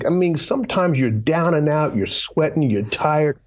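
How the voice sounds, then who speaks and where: A man with a somewhat high, breathy, husky voice tells a motivational story with urgent emphasis. He repeats words as he builds, then drops to a near whisper. The recording sounds dull and lo-fi. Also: expressive, moderate pace, few pauses, a little mellow. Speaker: guest, former pro football player and author.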